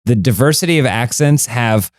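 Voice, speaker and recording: An American man riffing on a comedy podcast, rambling and cutting himself off as he jokes. His voice sits in a middle pitch. It is recorded close and dry with no room sound. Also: moderate pace, no room sound. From United States. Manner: rambling, self-interrupting, joking. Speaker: podcast co-host. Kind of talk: casual comedic banter.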